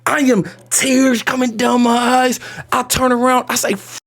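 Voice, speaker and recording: Male vlogger, high voice, emotional storytime monologue, slangy, raw, near tears. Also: normal speed. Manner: animated, repetitive retelling, slangy and profane. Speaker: vlogger telling a personal story.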